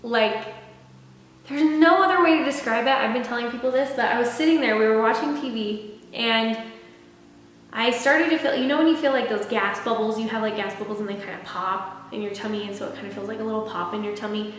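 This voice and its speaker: Young woman rambling thru a pregnancy vlog, bit breathless, kinda high voice, super echoey room. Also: a little fast, slight background noise. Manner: chatty, rambling, many fillers and restarts. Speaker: vlogger. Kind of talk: casual sit-down pregnancy update. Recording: very echoey room with long reverb.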